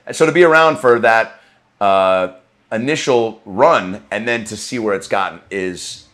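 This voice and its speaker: A man's voice: lowish voice, a little slow, fairly bright tone. Loose, profane male comedian host. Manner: loose, profane, joking and rambling. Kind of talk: casual podcast monologue. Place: comedy club green room.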